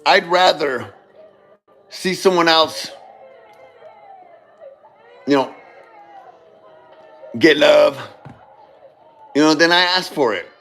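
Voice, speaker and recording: Slow-talking high-voiced man musing. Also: vocal fry, a bit bright. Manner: rambling, repeats and restarts phrases, swears, addresses listeners as brother. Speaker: speaker giving a monologue on love. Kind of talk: casual motivational talk.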